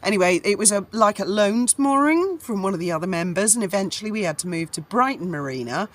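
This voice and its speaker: A middle-aged woman tells a personal story straight to her audience, chatty and meandering. She is full of ums and self-corrections, and her voice sits at an ordinary, middling pitch for a woman. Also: expressive, fast. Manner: chatty and rambling, with frequent fillers and self-corrections. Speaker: vlogger.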